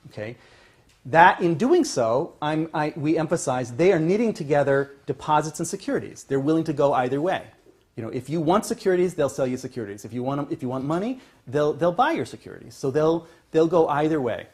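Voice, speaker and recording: A male economics professor giving a university lecture, checking in with "okay?" and restarting phrases, pushing some points louder and letting others trail off. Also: on the high side, lively intonation, brisk, husky. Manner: emphatic, builds to louder points then trails off. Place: lecture classroom.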